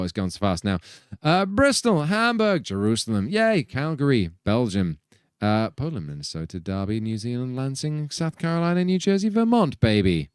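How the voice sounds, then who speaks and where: A man's voice: mid-range voice, clear, resonant tone, no room sound, studio quality. A man hosting a band's livestream, reading out viewers' messages in a casual, upbeat way. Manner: lively, upbeat, reads names in bursts. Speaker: band member hosting a livestream.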